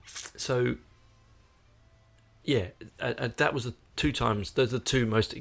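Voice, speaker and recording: A man's voice: medium pitch, slow, creaky, a bit bright. A tired Australian man chatting casually to his viewers as host, rambling with many hesitations and fillers. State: tired, yawning. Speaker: podcast host.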